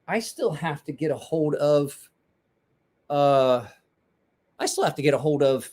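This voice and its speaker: A man casually chatting with viewers on a livestream, joking, rambling and swearing freely. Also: on the high side. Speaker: livestream host.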